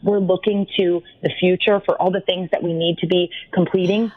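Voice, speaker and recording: A woman's voice: fairly low pitch, flat delivery, a little fast. A woman guest talking about wellness in casual chat, earnest and encouraging, sometimes acting out an inner voice. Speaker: podcast guest, wellness coach. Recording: dry, dull lo-fi line.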